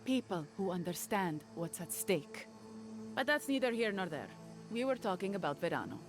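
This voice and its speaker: An actress voicing a brisk, proud ranger in game character dialogue, curt and opinionated. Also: female voice, mid-range voice, sing-song, music in the background, close to an everyday voice.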